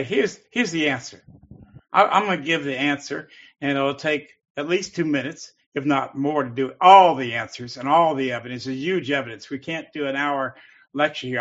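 A man's voice: medium pitch, a bit bright. A man co-hosting a call-in show, talking in an emphatic, heated, repetitive way. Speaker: co-host. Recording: dull lo-fi audio.

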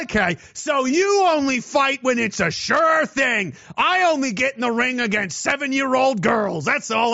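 A man ranting in a combative, profane way, often breaking into shouts. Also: very high voice, dry recording. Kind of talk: profane angry rant. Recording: dull, dry lo-fi recording.

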